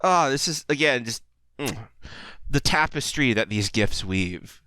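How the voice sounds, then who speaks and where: A man's voice: mid-range voice, expressive, a little slow, pushed and bright, smooth, no room sound. A man in his thirties giving casual, rambling video commentary, enthusiastic and full of "like" and little chuckles. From United States. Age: 30s.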